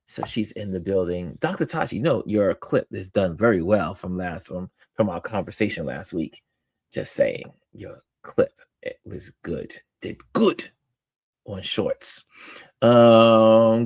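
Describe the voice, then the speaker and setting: A man hosting a live-stream, greeting viewers by name and reading their comments aloud in an upbeat, animated way. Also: fairly low pitch, measured pace, no echo. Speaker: host.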